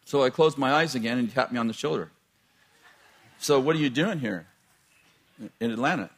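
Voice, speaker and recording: A middle-aged pastor with a medium-pitched voice and lively intonation tells a personal story during a sermon at a brisk pace. He's chatty, laughs at his own jokes, and often breaks off mid-sentence.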